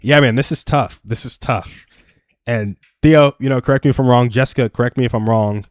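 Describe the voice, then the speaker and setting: A man's voice: mid-range voice, fairly quick, dry recording, studio quality. Earnest young man giving advice. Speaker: livestream host. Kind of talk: casual advice chat.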